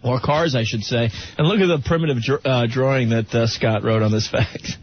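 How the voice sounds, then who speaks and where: A man's voice: mid-range voice, fairly quick. A man hosting a radio show in casual banter, upbeat and laughing often, on a dull lo-fi radio broadcast with faint hiss. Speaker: radio host.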